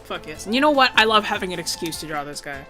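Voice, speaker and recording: Over music, a young woman with a fairly low voice and big pitch swings talks fast while drawing viewer requests on her art stream. Her casual chat is laid-back and giggly, with offhand swearing.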